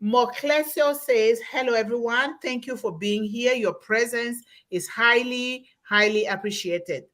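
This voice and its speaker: A woman in her forties hosts a live online webinar over a computer mic, effusively thanking people and slowly reading out audience comments. Her voice is on the high side and a bit bright.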